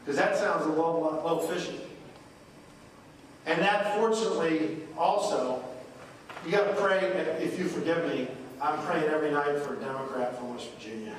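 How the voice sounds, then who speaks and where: In a courthouse meeting room, a congressman with a high-pitched voice gives a jokey, punchy town hall speech in a folksy style. The recording is distant and echoey, with a little hiss or hum.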